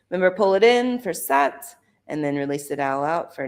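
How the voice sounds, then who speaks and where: A woman's voice: deep voice, expressive, normal speed. A woman who is a holistic doctor, leading a live Kundalini yoga class with casual, chatty instructions and rhythmic chanting.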